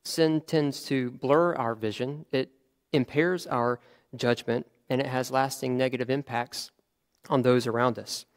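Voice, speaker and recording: Man, preacher, conversational sermon, halting restarts, mid-range voice. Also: mid-range voice, fairly even intonation. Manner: conversational, frequent restarts and fillers.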